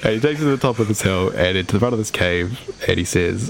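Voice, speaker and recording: A man narrating a tabletop game as game master, relaxed and full of hesitant fillers. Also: lowish voice, fast, creaky, hardly any pauses, a little hiss or hum.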